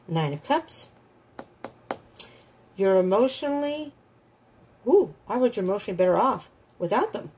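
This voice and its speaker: A woman's voice: medium pitch, sing-song, normal speed, pauses often, darkish tone, slight background noise. A woman giving a casual tarot reading, talking bluntly and animatedly, often laughing and acting out the people she describes. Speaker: tarot reader.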